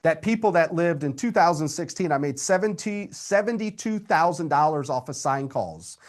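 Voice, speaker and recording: A man's voice: fairly high pitch, normal speed. Upbeat man coaching live. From Indiana, USA. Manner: energetic, direct, talks straight to the audience. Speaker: real estate coach.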